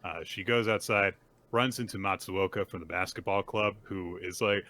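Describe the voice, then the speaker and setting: Podcast guy recapping manga, lowish voice but really sharp and tense, acts out the lines. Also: normal speed. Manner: animated retelling, acts out quoted lines. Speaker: podcast co-host. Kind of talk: casual chat recapping manga chapters.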